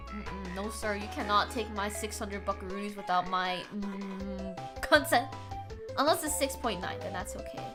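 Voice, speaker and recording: Young female streamer, playful and dramatic, high animated voice over background music. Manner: playful, dramatic, giggly, teasing. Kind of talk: casual live-stream chat with viewers.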